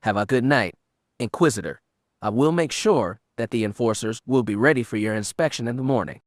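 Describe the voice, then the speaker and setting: A man's voice: mid-range voice, fairly quick, dry recording, studio quality, natural voice. A man voicing a dismissive Sith lady. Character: dismissive female Sith Dark Lord. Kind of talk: audiobook character reading.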